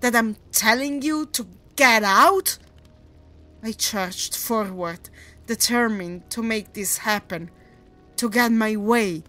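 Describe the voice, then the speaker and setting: A woman narrating a first-person horror story in a measured, deliberate way. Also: medium pitch, fairly bright tone, low-quality recording.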